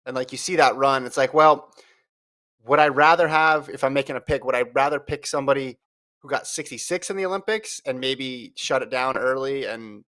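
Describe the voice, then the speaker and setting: A man's voice: mid-range voice, fairly quick, a bit bright. An American man co-hosting a podcast, telling stories with laughs and analysing a marathon in casual chat. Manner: laughing, storytelling. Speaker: podcast co-host.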